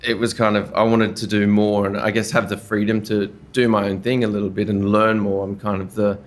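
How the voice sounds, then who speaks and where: A young man with an Australian accent talks through his story as a chef in a casual interview. His voice sits fairly low. He rambles comfortably, full of "yeah, nah" and little fillers. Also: brisk. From Brisbane, Australia. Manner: easygoing and chatty, with relaxed slang and frequent fillers. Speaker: chef and podcast guest.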